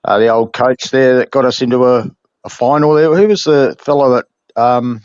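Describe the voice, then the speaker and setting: A man's voice: medium pitch, clean tone, dry recording. Rambling Australian man, dull lo-fi sound. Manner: rambling, halting, full of fillers. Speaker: podcast co-host. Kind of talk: casual chat.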